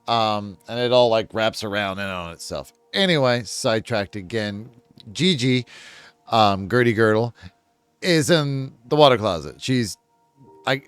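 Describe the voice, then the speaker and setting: Man in a laid-back book vlog, smooth voice, meandering delivery, dry close-up sound. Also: mid-range voice, no echo. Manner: rambling, chuckling, self-deprecating asides. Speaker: book reviewer. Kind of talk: casual book synopsis vlog.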